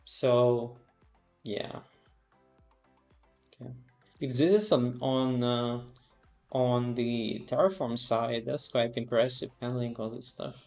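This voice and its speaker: A man's voice: medium pitch, fairly even intonation, takes it slowly, long pauses, a little mellow, roomy sound, soft background music. Sleepy man thinking aloud on stream. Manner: thinks aloud, reads docs aloud, frequent fillers. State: sleepy, yawning. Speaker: live-streaming developer. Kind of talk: casual live-coding stream.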